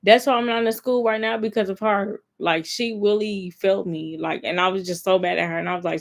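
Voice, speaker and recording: A woman's voice: mid-range voice, fairly even intonation, fairly quick, gravelly, hardly any pauses. A young woman talking casually to her camera, telling a long story in a rambling, emphatic way with lots of filler words. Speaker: vlogger.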